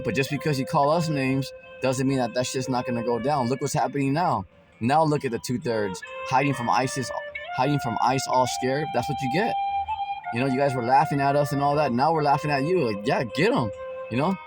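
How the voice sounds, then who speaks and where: Over loud background music, a man with a medium-pitched voice at normal speed rants as a street preacher. His religious commentary is mocking and packed with slang and swearing.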